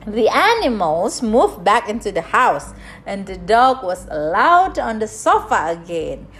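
A mother reading a picture book aloud to her child, slowly, stopping to explain things. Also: mid-range voice, very animated, a bit bright.

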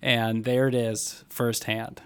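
A man's voice: mid-range voice, little pitch movement, slow pace, clean tone. Young male podcast host, chatty and playful, plain everyday voice. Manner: upbeat, joking, reads ad with acted anecdotes. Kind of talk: casual podcast chat.

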